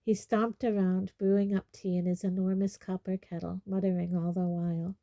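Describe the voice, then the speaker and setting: A woman reads a storybook chapter aloud in a measured, expressive way. Her voice is warm and dark, and the recording is dry with no room sound. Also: fairly low pitch, gravelly, dry recording, dull audio. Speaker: audiobook reader. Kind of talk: storybook narration.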